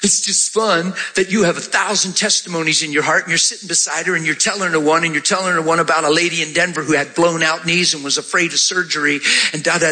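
A male pastor preaching, telling a testimony with acted-out dialogue and bursts of shouted praise. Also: a little high. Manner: animated storytelling, acting out dialogue, shouting praise. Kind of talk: sermon testimony.

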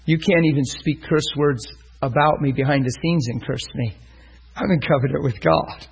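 A man preaches, working through a story and bringing it to life by acting out its voices. His voice is husky, a little breathy, and sits somewhat high for a man. He is telling a story from the pulpit. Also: moderate pace, low-quality recording. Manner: storytelling, acts out voices in quotes. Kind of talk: sermon.

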